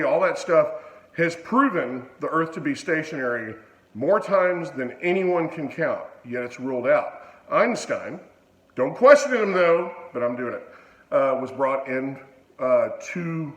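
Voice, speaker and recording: A man's voice: mid-range voice, fairly bright tone, echoey room, low-quality recording. Blunt, profane man ranting. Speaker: channel host. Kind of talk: casual vlog rant.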